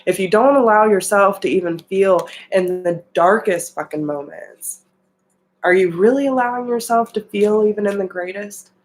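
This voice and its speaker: A woman's voice: medium pitch, moderate pace, low-quality recording. A woman giving an earnest, emotional tarot reading and talking straight to her viewers. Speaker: tarot reader.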